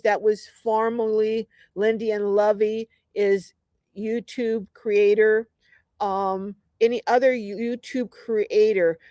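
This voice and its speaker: A woman's voice: mid-range voice, darkish tone, no echo. A middle-aged woman hosting a casual livestream, chatty and upbeat, reading out viewer comments with lots of ums. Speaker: livestream host.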